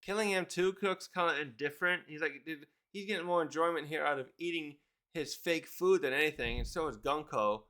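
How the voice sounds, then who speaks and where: A man's voice: on the high side, brisk, bright, forceful tone. A man casually reviewing a manga chapter, rambling, correcting himself and reading the panels aloud.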